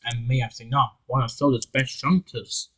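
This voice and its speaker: A man's voice: medium pitch, fairly even intonation, normal speed, a bit bright, lightly acted, rough recording. A man voicing a stern male steam engine who lectures the others, stumbling over his words in a homemade fan story. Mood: scolding.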